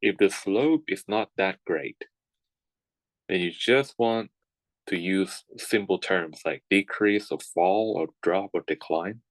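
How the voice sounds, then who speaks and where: A man's voice: deep voice, takes it slowly, no echo, rough recording. A man teaching a writing class, lecturing with frequent "okay"s and restarts. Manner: repeats words and restarts, says okay often.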